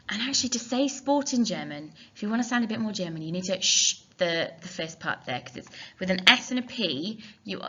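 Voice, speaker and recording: On a dull, lo-fi recording, a German teacher talks through a recorded lesson step by step, spelling out words and thinking aloud. Her voice sits on the low side and sounds pushed and bright.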